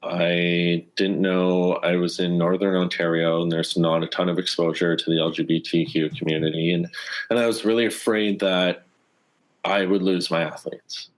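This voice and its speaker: A Canadian former hockey player in his thirties, telling a personal story in an interview in an earnest, animated way and acting out the dialogue. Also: low-pitched, moderate pace. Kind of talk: conversational storytelling.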